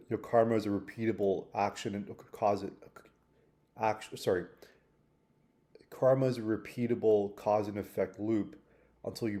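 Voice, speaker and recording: A man's voice: lowish voice, mellow. A man talking through a personal mistake in a reflective vlog, thoughtful and rambling, with restarts and fillers. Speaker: vlogger.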